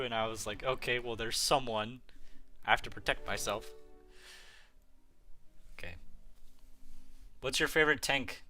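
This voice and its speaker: A man's voice: medium pitch, bright, forceful tone. A man hosting a gaming livestream, chatting casually and rambling as he answers viewers' messages. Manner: rambling, answering chat messages as they come. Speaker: livestream host.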